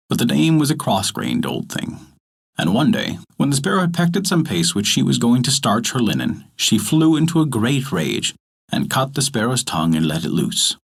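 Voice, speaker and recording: A man narrating a folk tale and hosting a story podcast, in an expressive, scripted storytelling manner. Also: medium pitch, gravelly, slightly rough.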